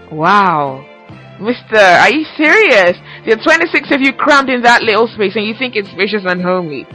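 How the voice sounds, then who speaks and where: Young woman host, bright and forceful, loose teasing chat delivery over soft background music. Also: medium pitch, low-quality recording. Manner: chatty and teasing, laughs often. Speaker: podcast host. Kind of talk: casual solo podcast chat.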